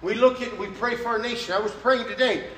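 High, bright preacher in an echoey room. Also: male voice, brisk, slight background noise. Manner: animated, acts out prayers in a raised voice. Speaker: pastor. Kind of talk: sermon. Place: church sanctuary. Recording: echoey room heard from a distance.

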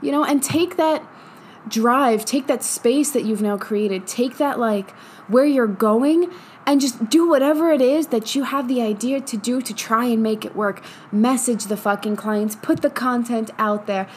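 A woman's voice: a little high, unhurried, slight background noise. A young woman hosting a podcast, giving a casual motivational monologue, swearing a lot and laughing often. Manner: profane, emphatic, laughs often. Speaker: podcast host.

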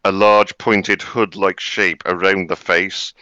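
A man's voice: deep voice, flat delivery, slow pace, sharp tone, clean tone, no echo, highs cut off. A man telling a spooky story casually and crudely, with many fillers and restarts, as a podcast host. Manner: crude, rambling, filler-heavy.

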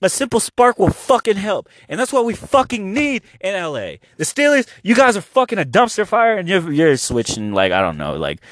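A man from Oklahoma hosting his own podcast, ranting casually and profanely, dropping to a mumble and then rising to near shouts. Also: high voice, wildly swooping pitch, moderate pace, few pauses, no echo, clean studio sound. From Oklahoma, USA. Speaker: podcast host. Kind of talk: casual solo podcast rant.

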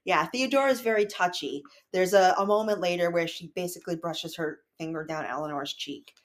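A woman's voice: lowish voice, fairly quick. Wry woman co-hosting a book podcast. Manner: wry, analytical, quotes passages from the book. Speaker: podcast co-host. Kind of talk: casual book discussion and reading aloud.

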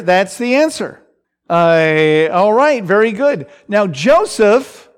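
A man teaching a Bible passage in a conversational way, with frequent fillers and asides, acting out the quoted lines. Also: high-pitched. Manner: unhurried, lots of fillers and asides, voices scripture quotes.

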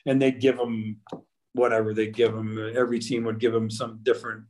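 A man's voice: lowish voice, flat delivery, brisk, a little mellow, a little hiss or hum, poor audio. A man in his fifties, a former pro hockey player, telling long stories as a guest in a casual interview, full of restarts and fillers. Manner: rambling, with many restarts and fillers.

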